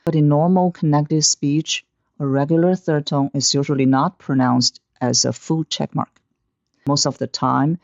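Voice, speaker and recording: A man delivers a scripted language lesson at an unhurried, measured pace, his voice carrying a gravelly, creaky edge. The sound is dry and close, with a dull, slightly lo-fi quality. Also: medium pitch, dry recording. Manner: slow, deliberate, instructive. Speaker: Mandarin pronunciation teacher.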